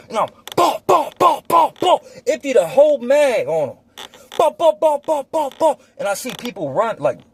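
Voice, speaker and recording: A young man telling a personal story casually, animated and slangy with plenty of swearing, acting out gunshots with mouth sounds. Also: fairly high pitch, a little hiss or hum. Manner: profane, slangy; winds down quiet and reflective at the end.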